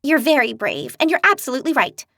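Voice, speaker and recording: A grumpy, spirited young healer with a blunt, quarrelsome edge and plenty of fight in her, as a woman narrator puts her on. Her voice sits high and swings widely, and the recording is close and dry. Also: big pitch swings, quick pace, sharp tone, no room sound, full character voice.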